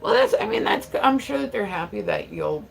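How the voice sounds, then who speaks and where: A woman's voice: medium pitch, wildly swooping pitch, fairly quick, gravelly, slight background noise. A woman hosting a casual livestream, chatting with viewers in a rambling way, laughing often and swearing freely. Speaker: livestream host.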